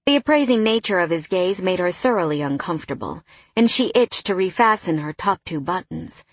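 A woman narrating a novel in a steady, scripted reading style on a close studio mic. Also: fairly low pitch, brisk, breathy edge, no echo. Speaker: audiobook narrator.

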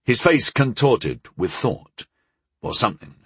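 Husky low-voiced man reading a fantasy audiobook, lively delivery, dry close mic. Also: moderate pace, no room sound. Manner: expressive storytelling. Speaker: audiobook narrator. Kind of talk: first-person fantasy audiobook narration.

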